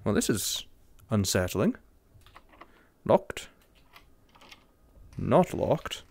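A young English man commenting jokingly and sarcastically while playing a horror game, getting excited easily. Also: fairly low pitch, extremely slow, creaky. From England. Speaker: gamer.

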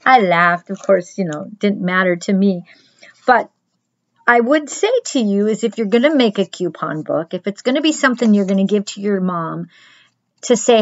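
A middle-aged woman, a children's pastor, giving a chatty crafts lesson and speaking straight to the children in a gentle way. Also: mid-range voice, lively intonation, normal speed, no room sound, dull audio.

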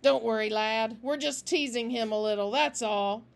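A woman voicing a volatile gang leader who talks low and menacing with icy composure. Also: moderate pace, creaky. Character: volatile, cold-blooded male gang leader.

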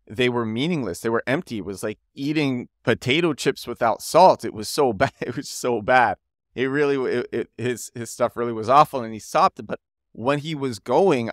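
Male solo podcast host, mid-pitch, lively anecdotal delivery, dry close-mic sound. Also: dry recording. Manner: energetic storytelling with quick voiced quotes of friends.

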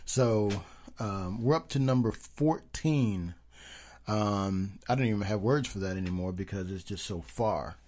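A man's voice: fairly low pitch, measured pace, a little mellow. A man co-hosting a casual podcast, rambling with many ums and teasing his partner. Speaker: podcast co-host.

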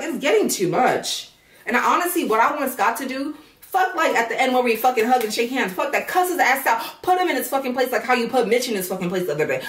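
A woman reviewing a reality show in a blunt, profane, animated rant. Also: a little high, distant mic. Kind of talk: casual rant. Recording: echoey room, voice from off-mic.

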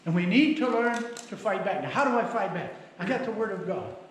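A man's voice: high-pitched, animated, brisk. A middle-aged male pastor preaching a sermon in a folksy storytelling manner, acting out the people in his stories. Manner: folksy storytelling with acted quotes. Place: church sanctuary. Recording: very echoey church hall, faint noise.

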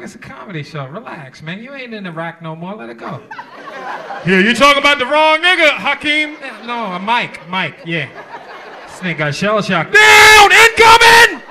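A man's voice: high-pitched, big pitch swings, moderate pace. A man doing live stand-up comedy, brash and profane, teasing the audience. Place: comedy show in a cinema multiplex. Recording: live crowd laughter and hall noise.

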